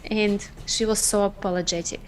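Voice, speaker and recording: A woman's voice: mid-range voice, fairly even intonation, moderate pace, a little hiss or hum. Earnest woman telling her story. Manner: earnest, emotional, dropping small words. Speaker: podcast guest. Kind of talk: personal storytelling.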